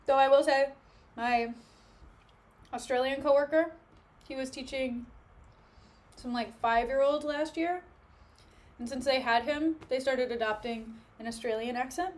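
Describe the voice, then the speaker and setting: A woman's voice: high voice, measured pace, long pauses. A young woman chatting casually with her live-stream viewers from home, joking and snacking between remarks. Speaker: livestreamer. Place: at home, sitting on the floor.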